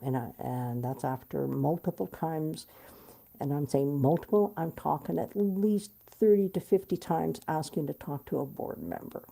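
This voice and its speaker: A middle-aged woman telling a personal story in an interview, animated and blunt, swearing freely. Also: low voice, normal speed, vocal fry. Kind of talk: candid storytelling.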